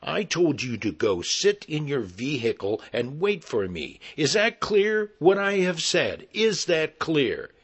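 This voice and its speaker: A man's voice: a little high, sing-song, slow, few pauses, breathy edge, voice pushed up, exaggerated voice. A man putting on a stern, commanding police officer's voice. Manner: firm, commanding.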